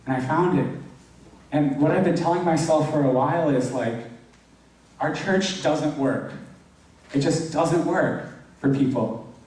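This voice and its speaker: Earnest young preacher in an echoey hall. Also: male voice, on the high side, unhurried, long pauses, a little mellow. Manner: casual, earnest, heavy use of "like". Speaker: youth pastor. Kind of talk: informal sermon. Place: church hall. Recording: very echoey hall, distant mic.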